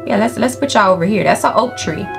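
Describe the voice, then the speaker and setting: Young woman gaming host, animated and cussing, faint music behind. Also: mid-range voice, fast, gravelly. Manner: animated, profane, talks to the game animals and viewers. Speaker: gaming YouTuber. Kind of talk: casual let's-play commentary. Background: faint game music.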